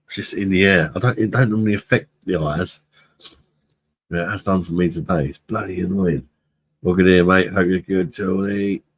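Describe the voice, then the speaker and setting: A man's voice: sits low, steady tone, normal speed, a little hiss or hum. A man hosting a live-stream beer review, chatting casually with viewers in a blunt, sweary way and laughing often.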